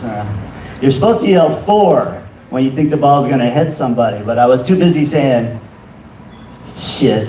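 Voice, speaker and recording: Rambling stand-up comic in an echoey bar. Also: male voice, mid-range voice. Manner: rambling, halting, deadpan asides. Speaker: open mic comedian. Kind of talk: stand-up set. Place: bar comedy room. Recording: echoey room, distant mic.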